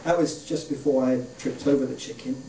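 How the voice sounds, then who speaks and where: A man's voice: medium pitch, steady tone, fairly quick, heavy background noise. A man doing a stand-up comedy set on a club stage, delivering dry one-liners with offhand asides. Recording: roomy club sound, distant from the mic. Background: audience laughter.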